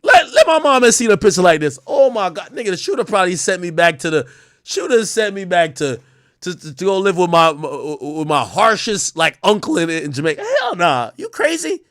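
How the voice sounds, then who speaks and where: A man with a fairly high speaking voice rants through a livestream in heated, profane commentary. His pitch swings widely as he jumps from loud outbursts to muttering asides. The sound is close and dry, with no room echo. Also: animated, a little fast. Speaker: livestream host.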